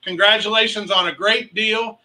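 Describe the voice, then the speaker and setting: Excitable man calling a charity auction. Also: sits high, moderate pace, low-quality recording. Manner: excitable, playful and teasing, cheering on bidders; calls rising bid amounts.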